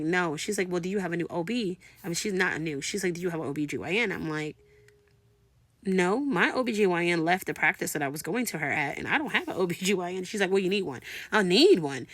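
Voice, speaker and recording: A woman in her thirties telling a casual storytime vlog, animated and slangy, acting out both sides of each conversation. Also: on the low side, dry recording. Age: 30s. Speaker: vlogger.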